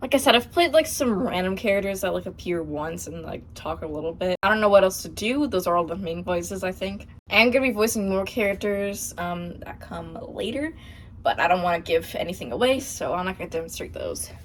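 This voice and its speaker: A woman's voice: fairly low pitch, lively intonation, fairly quick, slight background noise. A young woman hosting a casual question-and-answer vlog, chatty and a little hesitant, with frequent fillers and laughs. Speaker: channel host.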